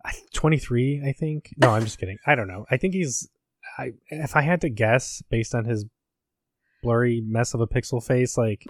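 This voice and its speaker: A man's voice: medium pitch, moderate pace, no room sound, studio quality. A man in casual chat recapping a game, rambling, profane and self-mocking. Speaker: podcast host, academic.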